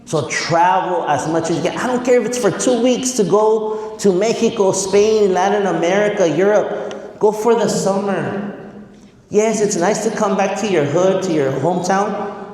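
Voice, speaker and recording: A man in his forties with a fairly high voice delivers a lively motivational speech to a room of students. He keeps quizzing the crowd and slips Spanish words into his talk. His voice booms back from a large, very echoey hall with a long reverb tail. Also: moderate pace. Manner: energetic, quizzes the audience, mixes in Spanish words. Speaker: guest speaker.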